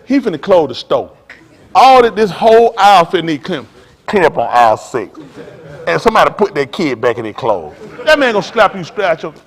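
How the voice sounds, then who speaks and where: A man preaching a sermon as pastor, telling stories with loud outbursts. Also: fairly high pitch. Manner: animated preaching with storytelling, loud outbursts and laughs.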